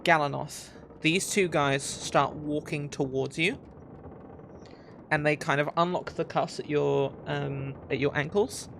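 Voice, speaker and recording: Gravelly dm rambling thru the scene, lots of um and like. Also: mid-range voice, fairly even intonation, a little slow, a bit bright, a little hiss or hum. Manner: loose, filler-heavy narration. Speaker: game master. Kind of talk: narrating a tabletop game.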